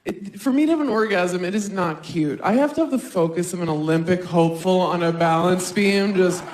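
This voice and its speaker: A woman performing a stand-up comedy set, talking animatedly and slipping into quick voices for other people. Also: lowish voice, a little mellow. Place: live comedy stage. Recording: roomy live stage sound.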